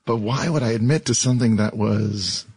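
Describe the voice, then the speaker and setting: A man's voice: lowish voice, normal speed, darkish tone, breathy edge. Sheepish, defensive man guest. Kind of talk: casual chat.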